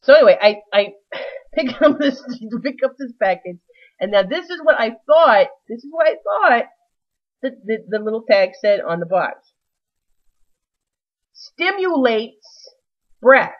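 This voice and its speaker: A woman's voice: a little high, expressive, normal speed, lo-fi sound. A woman telling a rambling, self-mocking comic story with many restarts.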